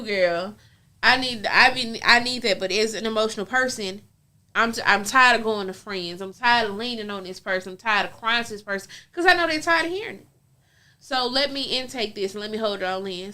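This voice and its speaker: A woman's voice: medium pitch, sharp tone. A woman co-hosting a casual talk show, telling frank stories in a chatty, down-to-earth way with a Southern US accent. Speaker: podcast co-host. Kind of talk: casual chat.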